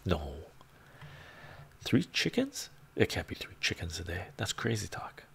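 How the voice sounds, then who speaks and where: A man hosting a casual live stream, soft-spoken and laid-back, reading chat, chuckling often and drifting into whispers. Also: on the low side, creaky, husky. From Canada.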